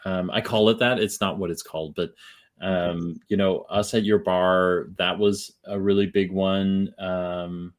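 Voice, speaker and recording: A man hosts a podcast, chatting casually and rambling with many fillers. His voice is deep and steady, and he speaks unhurriedly.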